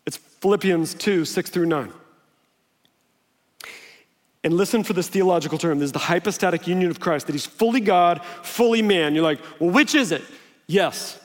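A man's voice: high-pitched, fairly quick, few pauses. A man preaching a sermon, telling stories in a conversational way and acting out the quotes. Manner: conversational storytelling with laughs and acted-out quotes. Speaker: pastor. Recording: long hall reverb.

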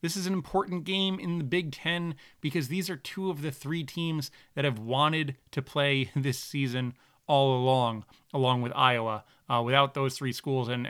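A man's voice: mid-range voice, a bit bright, clear, resonant tone, no echo, clean studio sound. A man hosting a podcast, reading an ad in a rambling, jokey way, correcting himself as he goes. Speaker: podcast host. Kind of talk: casual podcast ad read.

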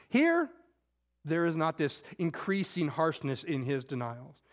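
A man preaching a conversational sermon, acting out scripture quotes and moving between loud emphasis and hushed, intimate moments. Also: fairly high pitch. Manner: conversational, with casual slang.

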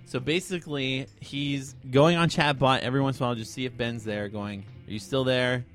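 A man casually retelling a creepy internet story to friends, rambling and animated, slipping into quoted voices. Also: mid-range voice, fairly quick, faint music behind. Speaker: podcast co-host telling a creepypasta story.

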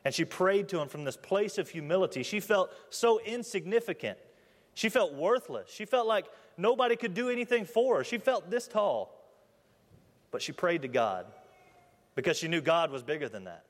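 Young guy preaching a sermon, kinda high voice, earnest, lots of questions to the crowd, big echoey church hall. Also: animated, fairly quick. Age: 20s. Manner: earnest, asks the congregation questions, reads scripture aloud. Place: church building. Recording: long hall reverb.

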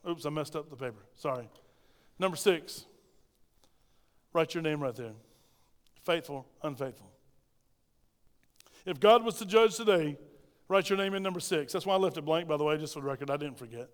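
A man's voice: fairly high pitch, normal speed, pauses often. A man preaching a sermon as pastor, emphatic and questioning his congregation. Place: church. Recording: reverberant church hall.

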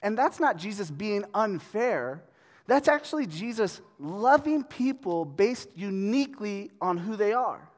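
A man's voice: sits high, very animated, measured pace. A man in his thirties, a pastor giving a casual, joking sermon that speaks straight to the crowd. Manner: joking, chatty, addresses the crowd directly. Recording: long hall reverb.

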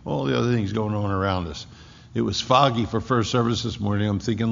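A man's voice: mid-range voice, fairly quick, creaky, a little hiss or hum. A man preaching a sermon as pastor, emphatic and repeating key phrases for weight, in a church sanctuary. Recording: dull lo-fi recording with long hall reverb.

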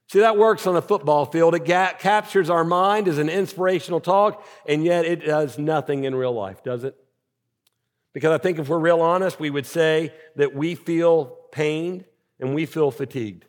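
A male senior pastor with a notably high voice, preaching to his congregation in an easy, conversational way. He keeps asking rhetorical questions. His voice rings out with a long reverb tail from the church auditorium. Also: moderate pace. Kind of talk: sermon.

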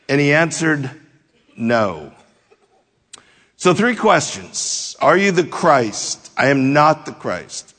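A man delivers a sermon at an unhurried, measured pace, walking through scripture verse by verse. His voice sits a little high, and he sinks low and quiet at the close of phrases. The sound rings with the long reverb of a large hall. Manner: slow, deliberate verse-by-verse teaching, dropping low at phrase ends. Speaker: pastor. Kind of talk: expository sermon.

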